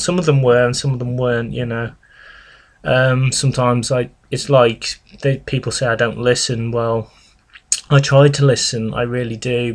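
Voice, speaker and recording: A young man, telling his own experiences in a vlog in an earnest, halting way, full of "you know" and "sort of". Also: mid-range voice. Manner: earnest and reflective. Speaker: vlogger. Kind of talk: personal confessional vlog.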